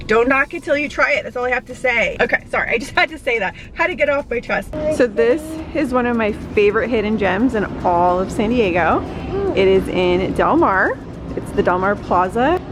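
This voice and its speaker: A woman in her thirties chatting casually to camera in a lifestyle vlog, bubbly and talking straight to her viewers. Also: fairly high pitch. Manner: chatty, bubbly, addresses viewers as "you guys". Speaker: vlogger, working mom.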